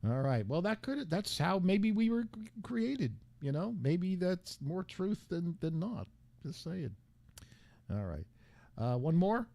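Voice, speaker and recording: A man's voice: sits high, very animated, takes it slowly, vocal fry, dark tone. A man hosting a radio talk show, joking and bantering crudely between clips.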